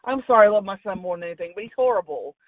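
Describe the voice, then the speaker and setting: A woman with a medium-pitched, expressive voice calls in to a show to chat casually about wrestling, firing off her blunt opinions at a rapid clip and swearing freely. She's on a tinny phone line, sitting far from the mic, with no echo.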